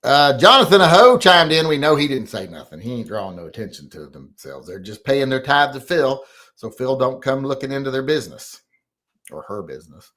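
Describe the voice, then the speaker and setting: A man hosts a loose livestream, wandering from topic to topic and cursing freely as he talks to his chat. His pitch swings up and down a lot while he talks, in a middle register. He is heard through an ordinary computer microphone. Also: lively intonation, brisk, fairly bright tone. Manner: rambling, profane, talks to himself and chat. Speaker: livestream host. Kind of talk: casual livestream chat with viewers.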